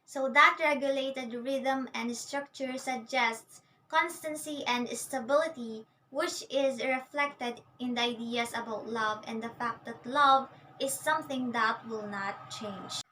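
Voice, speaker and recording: A woman's voice: on the high side, slow pace, hardly any pauses, bright, forceful tone, far from the mic, a little hiss or hum. A woman teacher giving a recorded literature lecture, patiently explaining and answering her own questions.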